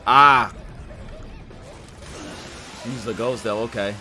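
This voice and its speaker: A man hosting an anime reaction video, talking casually and excitably with frequent swearing and laughter. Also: medium pitch, moderate pace, soft background music. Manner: excitable, profane, laughs often.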